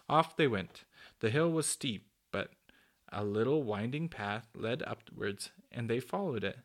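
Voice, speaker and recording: A man reading a children's story aloud, steady with small slips and restarts. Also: lowish voice, moderate pace. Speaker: narrator.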